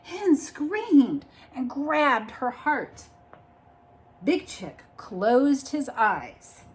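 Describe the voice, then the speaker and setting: A woman reading a picture book aloud like a teacher, expressive and pausing to explain the story. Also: high voice.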